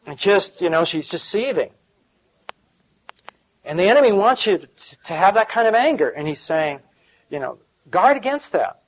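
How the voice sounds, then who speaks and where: A man's voice: high-pitched, expressive, normal speed, pauses often, dull audio. A middle-aged man preaching a sermon as pastor, in a folksy style with chuckles and asides.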